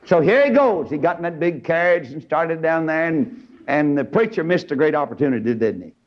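Preacher man, fiery, voice jumps all over into high shouts, muffled old recording. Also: lively intonation, brisk. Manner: fiery, rising to high shouts, acting out the characters. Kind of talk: storytelling sermon.

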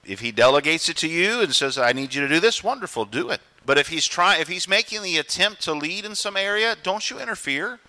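A man's voice: fairly high pitch, animated, brisk, hardly any pauses, bright, forceful tone. A man preaching a sermon as pastor, earnest and direct, acting out the voices of the people he quotes and chuckling between points.

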